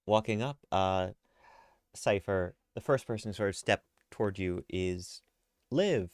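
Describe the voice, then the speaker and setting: A man narrating as game master of a tabletop game, relaxed and loose, with many fillers. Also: low-pitched, measured pace, no echo, clean studio sound.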